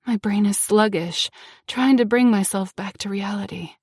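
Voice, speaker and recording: A young woman reads first-person audiobook narration with strong feeling. She turns tense, then drops to a hushed tone. Her voice sits at a middling pitch, with a dry, close sound. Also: normal speed, husky, dry recording. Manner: emotional, shifting between tense and hushed.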